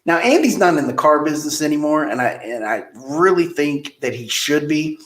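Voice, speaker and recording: A man's voice: a little high, moderate pace. Storytelling man in an echoey room. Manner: animated, acts out quoted people. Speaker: car dealership general manager. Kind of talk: casual interview storytelling.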